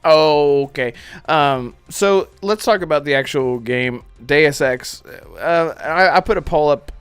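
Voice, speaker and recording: A woman hosting a podcast in casual chat, talking playfully with a slow, drawn-out delivery. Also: deep voice, clean tone, no echo, faint music behind.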